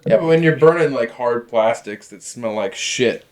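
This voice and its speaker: A man's voice: mid-range voice, normal speed, darkish tone. A man co-hosting a casual podcast, making dry, matter-of-fact remarks. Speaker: podcast co-host. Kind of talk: casual chat.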